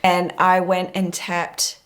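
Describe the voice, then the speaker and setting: A woman minister, a guest on a talk show, telling a story in a quick, conversational way. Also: lowish voice, monotone.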